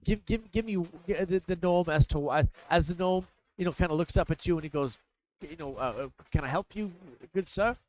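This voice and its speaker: A man narrating as dungeon master, talking in a halting way with many fillers and restarts. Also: a little high, a little mellow, rough recording. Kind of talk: narrating a tabletop game.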